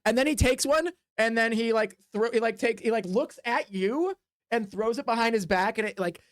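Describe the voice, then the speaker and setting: Dry, close, rambling game-master streamer. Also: male voice, extremely high pitch, dry recording. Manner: rambling, filler-heavy narration with quick voiced asides. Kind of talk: narrating a tabletop game on a live stream.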